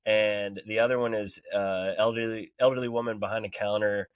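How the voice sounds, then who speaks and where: A man with a lowish voice chats about music in an easygoing way, laughing between his points. The sound is close and dry. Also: fairly quick, no echo. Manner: relaxed, laughs often, says "you know" and "right". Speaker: podcast co-host. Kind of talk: casual music review chat.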